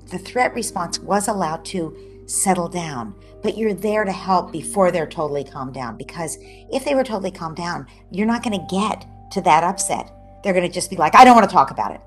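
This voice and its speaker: A woman parenting expert explaining advice in an online interview over a video call, lively and often checking in with "right?". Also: on the low side. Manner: animated, acts out parent and child voices, often tags "right?".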